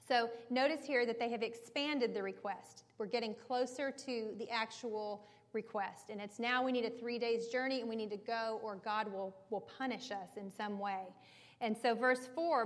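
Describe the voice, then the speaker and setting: Brief: woman Bible study teacher, conversational explainer, slightly high voice. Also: normal speed, long reverb tail. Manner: explanatory, conversational, checks in with listeners.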